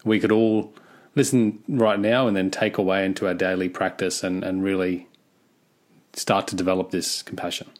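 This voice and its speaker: A man hosting an interview, asking questions in a relaxed, joking way. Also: deep voice, moderate pace. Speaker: interview host. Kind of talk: casual interview talk.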